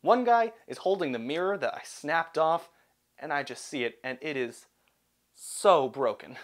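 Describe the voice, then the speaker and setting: A young man narrating a personal story in an animated, self-deprecating way. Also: fairly high pitch, measured pace.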